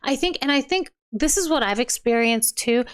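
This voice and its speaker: High-voiced woman chatting on a livestream. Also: expressive, normal speed, clear, resonant tone. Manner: chatty, laughs often, trails off and restarts. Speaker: livestream host reading viewer comments. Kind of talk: casual chat.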